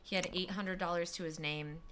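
A woman's voice: fairly low pitch, fairly even intonation, a bit bright. A young woman co-hosting a podcast, telling a story in a casual chat with lots of fillers. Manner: chatty, lots of fillers and quick asides.

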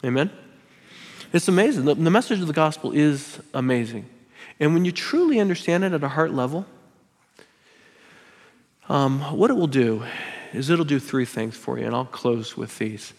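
Husky preacher man in a reverberant hall. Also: a little high, expressive, moderate pace, long pauses, a little mellow. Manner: emphatic preaching with repeated phrases and joking asides. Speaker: pastor. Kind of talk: sermon.

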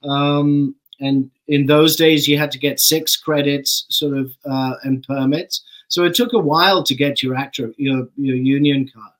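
A middle-aged English actor appears as a guest in a casual interview, telling stories in a relaxed manner and swearing offhandedly. His voice is mid-range, a little slow, with hardly any pauses, and the audio is poor.

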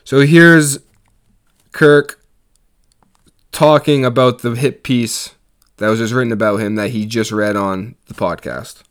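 Podcast host guy walking you through a story, clean smooth voice. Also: mid-range voice, a little slow, long pauses. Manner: steady storytelling with plain asides. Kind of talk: narrated podcast recap.

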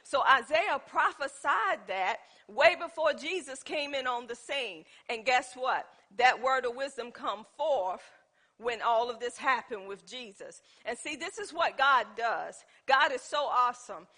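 A woman's voice: sits high, lively intonation, a little slow, pushed and bright. A woman giving an informal Bible teaching, who tells stories from her own life and asks her listeners questions. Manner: tells personal stories as examples.

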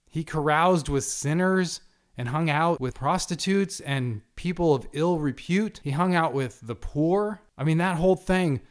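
Man, mid-pitch, passionate monologue, hammering points with repetition and rhetorical questions. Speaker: speaker giving a monologue on religion.

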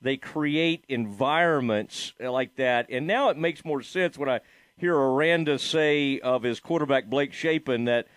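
A man's voice: mid-range voice, unhurried, fairly bright tone, no echo, clean studio sound. A man hosting a sports radio show, chatting loosely with many fillers and restarts. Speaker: radio sports talk host. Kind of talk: casual sports radio interview.

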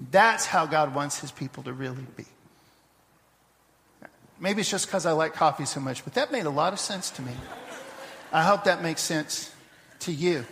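High-voiced pastor preaching in a reverberant church. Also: male voice, pushed and bright. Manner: conversational preaching, storytelling with restarts. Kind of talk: sermon. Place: church sanctuary.

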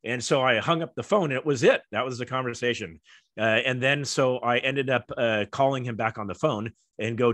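A man's voice: mid-range voice, fairly quick, fairly bright tone, no room sound. Rambling storytelling man, dry sound. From United States. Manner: rambling, many fillers, acts out quoted voices. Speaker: guest, former Olympic kayaker. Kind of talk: casual storytelling interview.

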